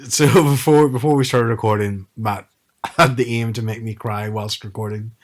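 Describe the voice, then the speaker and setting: A man in his thirties co-hosting a podcast, talking in a relaxed, hesitant way full of fillers. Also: fairly low pitch, moderate pace. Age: 30s. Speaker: podcast co-host. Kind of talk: casual chat.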